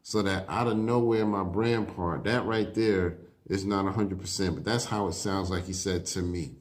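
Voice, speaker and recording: A man's voice: deep voice, fairly even intonation. A man in casual commentary, breaking down rap lyrics in a laid-back way and often saying "you know what I mean.". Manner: reads lyric lines aloud slowly.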